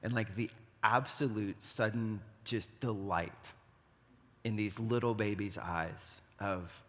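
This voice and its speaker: A man's voice: fairly low pitch, fairly even intonation, slow pace, fairly bright tone, long reverb tail. A man giving a conversational sermon as pastor, often speaking prayers aloud in the first person. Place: church sanctuary.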